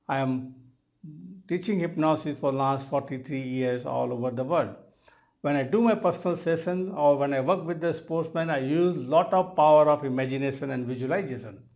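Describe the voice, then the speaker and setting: A man in his sixties with an Indian English accent, a hypnotherapist making an earnest promotional pitch and often calling the listener his friend. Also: darkish tone. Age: 60s. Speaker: hypnotherapist and trainer.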